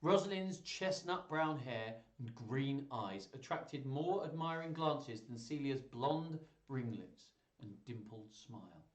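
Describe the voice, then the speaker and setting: A man's voice: medium pitch, animated, slow, few pauses. A man hosting a live stream, reading a children's story aloud with playful, chatty asides to his viewers. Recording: roomy echo.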